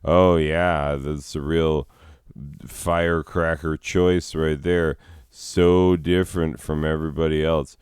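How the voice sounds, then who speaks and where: A man hosts a casual vlog out in a forest, his voice extremely deep and smooth. He talks slowly, drifting into sarcastic, jokey asides. The sound is dry and close. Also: level tone, a little mellow, dry recording. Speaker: host. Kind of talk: casual rambling vlog commentary. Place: outdoors in a forest.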